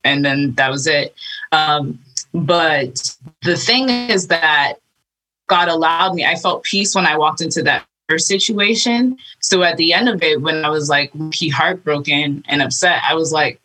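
A woman as a guest, telling her personal faith testimony in casual, animated chat full of fillers. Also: low voice, measured pace, poor audio. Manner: animated storytelling with many fillers.

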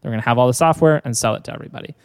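A man's voice: mid-range voice, rapid-fire, clear, resonant tone, big-room sound. A man co-hosting a podcast, telling a business story in a loose, rambling way with fillers. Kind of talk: casual chat.

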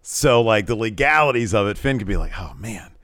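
Animated rambling guy, dry close mic. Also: fairly low pitch, a little fast, no echo. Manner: rambling, animated, lots of fillers. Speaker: podcast co-host. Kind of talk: casual wrestling recap chat.

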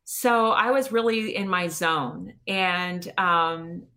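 A woman guest on an interview show, telling her own story in a lively, chatty way with lots of "you know" and "like". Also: on the low side, slow pace. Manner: lively retelling with many "you know" and "like" fillers. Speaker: podcast guest. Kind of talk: personal storytelling.

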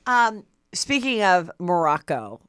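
A woman's voice: lowish voice, very animated, slow pace, a bit bright, clear, resonant tone, dry recording, clean studio sound. A woman hosting a podcast, chatting casually in a loose way with lots of "like" and "um". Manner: loose, filler-heavy talk. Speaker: podcast host. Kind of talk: casual chat.

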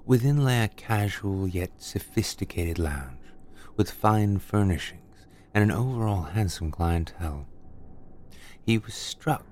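Brief: low-voiced male storyteller, slow and deliberate, for a spooky podcast reading. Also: slight background noise. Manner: measured, deliberate, dramatic. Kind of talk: scripted horror story narration.

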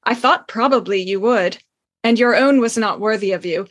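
A woman's voice: medium pitch, moderate pace, lightly acted. A woman reading aloud as a flustered, lovestruck young man who pleads in a choked voice. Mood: pleading. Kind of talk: dramatic reading of a novel.

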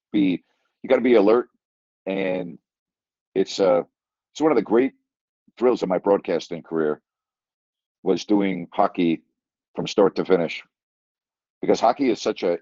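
An older man, a sports broadcaster, delivers a casual storytelling monologue with a lowish, warm voice. He rambles, repeats phrases, and chuckles mid-sentence. The recording is dull, lo-fi, and dry, with no echo.

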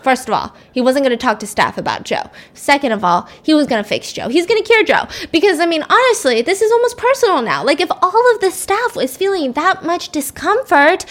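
A young woman telling a story in a casual, chatty way, acting out the characters' lines as she goes. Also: extremely high pitch.

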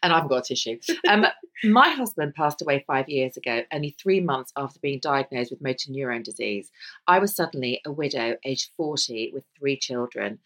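A woman's voice: rumbling low, lively intonation, a little fast, fairly bright tone. A middle-aged woman co-hosting a podcast, chatting casually and reading out listener stories with self-deprecating asides. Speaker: podcast co-host.

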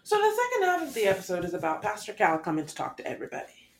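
A woman co-hosting a podcast, recapping an episode in casual chat with expressive, exasperated commentary. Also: mid-range voice, very fast. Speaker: podcast co-host.

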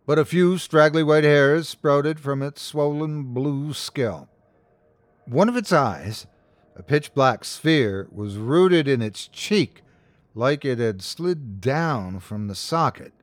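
A male storyteller reads a scary tale slowly and deliberately, his pitch rising and falling with the drama. The voice sits dry and close to the mic, with no room around it. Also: expressive, no room sound. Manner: measured, dramatic first-person storytelling. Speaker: host and narrator. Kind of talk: scripted horror story narration.

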